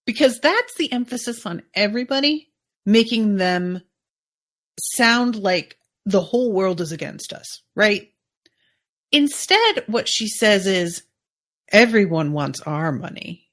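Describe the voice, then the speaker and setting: A woman hosting a podcast talks casually through an episode recap in a slow, expressive, medium-pitched voice. She muses and thinks aloud, using lots of fillers.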